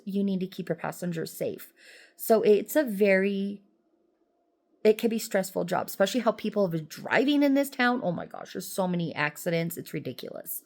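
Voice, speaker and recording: A woman's voice: medium pitch, darkish tone. A woman vlogger and rideshare driver talking in a chatty, rambling, emotional and upbeat way. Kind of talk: casual vlog chat.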